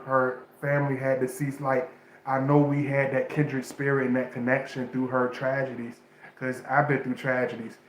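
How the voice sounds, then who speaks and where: A man's voice: mid-range voice, a little hiss or hum. A man livestreaming spiritual advice in a casual, emotional way, often restarting phrases and talking straight to his viewers. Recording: echoey room sound.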